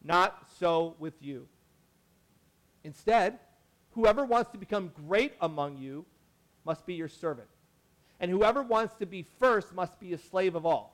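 A man's voice: sits high, animated, unhurried, long pauses. A man preaching a sermon in a casual, conversational way, correcting himself often and acting out the people he quotes. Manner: conversational, lots of "like" and self-corrections, acts out quotes. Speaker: pastor.

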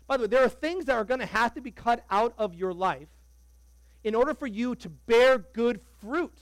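A man preaching a sermon as pastor, animated and conversational, joking with the congregation. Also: high voice, no echo, low-quality recording.

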